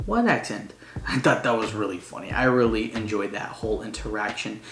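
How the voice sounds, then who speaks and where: A man giving a casual, excitable spoiler review of a movie, gushing like a fan and using slang. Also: lowish voice, a little fast. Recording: roomy echo, faint noise.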